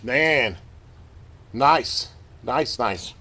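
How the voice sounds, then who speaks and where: A man hosting a radio repair video, chatting casually and excitedly to viewers as he tests and works at his home workbench. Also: mid-range voice, very slow, noisy background. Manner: excited, rambling, talks to viewers while working. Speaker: radio repair channel host. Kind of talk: casual hands-on workbench narration.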